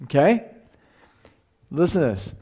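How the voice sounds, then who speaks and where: A man's voice: fairly high pitch, very animated, measured pace, dark tone, slightly rough. A middle-aged man teaching a Bible class in a chatty, conversational way, often repeating himself and asking the room questions.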